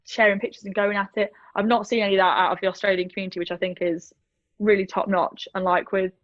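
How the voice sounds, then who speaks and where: A fast-talking woman from the United Kingdom, an airsoft player and vlogger, speaks in a flat, mid-range voice while chatting casually and self-deprecatingly as a video-call guest in an interview. The audio is lo-fi, with no room sound.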